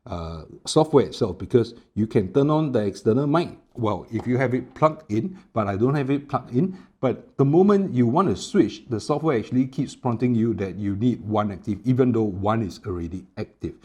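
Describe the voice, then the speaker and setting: Speaking at a moderate pace with few pauses, a medium-pitched man demos a small wireless mic at home for his tech review vlog. His explanations are easygoing and sprinkled with fillers. He's wearing a small wireless clip mic in a room with an air conditioner.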